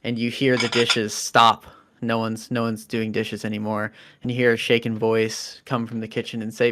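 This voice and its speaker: A man's voice: on the low side, normal speed. Male game master narrating a tabletop game. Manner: relaxed, explaining rules, many fillers.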